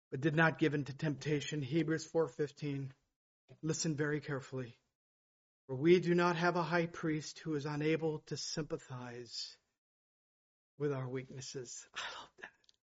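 A man with a high voice preaches a fervent sermon. He repeats phrases for emphasis and moves between ringing declarations and quiet, prayerful passages. The recording sounds dull and lo-fi. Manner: fervent, repeats phrases, swings from loud to hushed.

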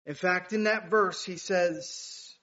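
A man's voice: sits high, slow pace, a bit bright, muffled recording. A man preaching a sermon, building to emphatic, rising bursts as he reads scripture. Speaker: pastor.

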